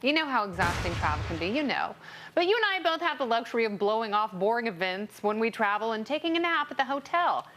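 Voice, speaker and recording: A woman's voice: fairly high pitch, big pitch swings, quick pace, a bit bright, slight background noise. A woman co-hosting a talk show, delivering news and comic segments in a sarcastic, jokey way. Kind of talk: snarky comedic segment hosting.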